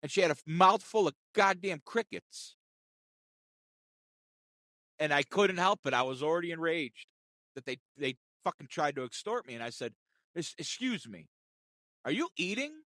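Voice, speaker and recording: A man's voice: a little high, moderate pace, long pauses, bright, forceful tone, no room sound. A man telling a storytime rant in a heated, profane way, reliving a customer-service call. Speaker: content creator. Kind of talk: ranting storytime.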